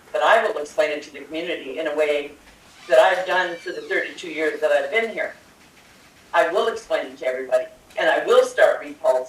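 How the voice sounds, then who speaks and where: A woman's voice: sits low, far from the mic. An older woman speaks her mind at a school board meeting, impassioned and confrontational. Her voice echoes through a roomy hall, caught from some way off the mic. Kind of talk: public comment speech. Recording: echoey hall, picked up from afar.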